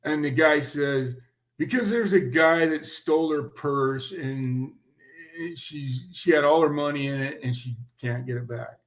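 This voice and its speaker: A man's voice: a little high, a little slow. A man, telling a profane story in a casual interview and acting out the quoted voices.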